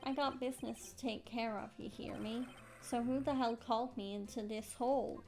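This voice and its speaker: A woman voicing a hot-headed male loan-shark thug with a Brooklyn accent and rough, threatening talk. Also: a little high, fairly even intonation, normal speed, darkish tone, soft background music, lightly acted. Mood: menacing. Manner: rough, threatening, bad grammar.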